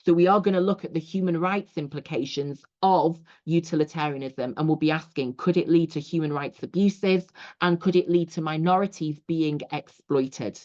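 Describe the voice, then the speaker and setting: Woman teacher talking through slides, kinda low voice, lots of "you know"s, dull muffled audio. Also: normal speed, few pauses, a little mellow. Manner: explanatory, frequent 'you know' asides. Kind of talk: recorded lecture over slides.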